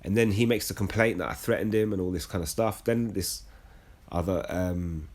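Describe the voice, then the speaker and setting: Husky, blunt man. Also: low voice, moderate pace, darkish tone. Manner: blunt and heated, with frequent swearing. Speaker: religious speaker. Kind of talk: personal storytelling mixed with scripture reading.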